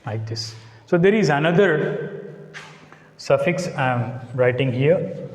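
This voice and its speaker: A male teacher giving a lecture to a class, speaking slowly and deliberately, repeating words and spelling out letters one by one. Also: mid-range voice, expressive, darkish tone. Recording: echoey classroom, long reverb.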